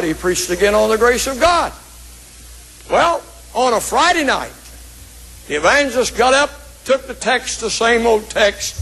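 High-voiced preacher man telling a story. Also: fairly bright tone, rough recording. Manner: storytelling, rhythmic preaching cadence. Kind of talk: sermon.

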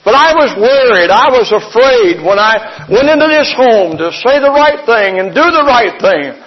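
A middle-aged preacher with a high, bright voice tells homespun stories from the pulpit and builds into fervent declarations. The sound is dull and lo-fi, like an old church tape. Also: male voice, expressive, normal speed. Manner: folksy storytelling, rising into fervent proclamation. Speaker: pastor. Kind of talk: preaching a sermon. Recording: dull lo-fi sermon recording.

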